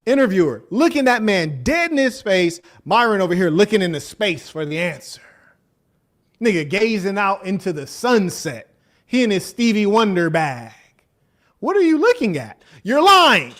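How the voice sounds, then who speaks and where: A man's voice: high voice, sing-song, moderate pace, fairly bright tone. A man streaming casual reaction commentary, joking and mocking as he talks over video clips.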